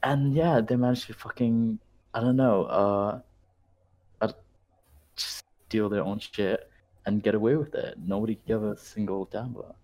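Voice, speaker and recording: Young man, low voice, casual rambling chat, fillers, swearing. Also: fairly even intonation, normal speed, darkish tone. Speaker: former university student.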